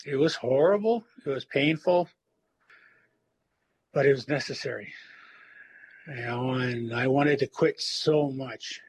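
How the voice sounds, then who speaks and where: A man in recovery telling his personal story in a halting, reflective way, with many fillers and restarts. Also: mid-range voice, breathy edge, rough recording. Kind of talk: personal testimony.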